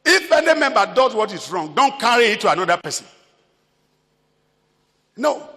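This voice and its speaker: A man's voice: sits high, sing-song, moderate pace, long pauses, sharp tone, big-room sound. A Nigerian man preaching a sermon as pastor, emphatic, repeating his phrases.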